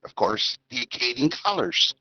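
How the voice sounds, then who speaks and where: A man with a bright, slightly high voice tells a jokey story in casual chat. The sound is dry and dull, like lo-fi voice chat audio. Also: very animated, moderate pace, slightly rough, no room sound. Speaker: trucker caller in a voice chat.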